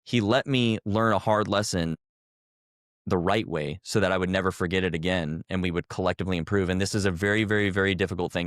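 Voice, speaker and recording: A man's voice: deep voice, clean tone, no room sound, studio quality. A man in his thirties, a former army officer, telling an earnest, reflective story as a podcast guest.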